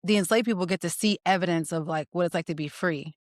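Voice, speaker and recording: A woman hosting a podcast, telling a story in a playful, teasing, animated way. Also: lowish voice, fast, dry recording, studio quality. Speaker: podcast host. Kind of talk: casual conversational storytelling.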